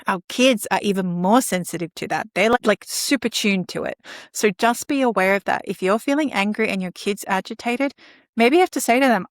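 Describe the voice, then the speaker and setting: A female guest speaker discusses caregiving on a conversational podcast, animatedly acting out dialogue with children. Her voice is medium-pitched and brisk, captured as a dry, clean studio recording.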